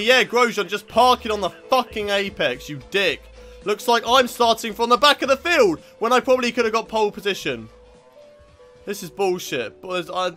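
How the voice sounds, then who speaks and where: A young British man commentating his own racing game run, frustrated and sweary, shouting at rival drivers. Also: high voice. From Britain. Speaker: gaming YouTuber.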